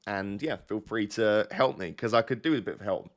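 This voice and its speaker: Man, slightly low voice, bunged-up, rambling, self-deprecating live-stream chat. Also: a little fast, muffled recording. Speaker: fantasy football streamer.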